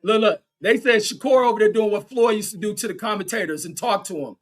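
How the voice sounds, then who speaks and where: High-voiced man calling a fight excitedly. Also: fast. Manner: excitable, profane, cheering on one fighter; reads viewer chat aloud. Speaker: livestream boxing commentator. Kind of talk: fan play-by-play commentary.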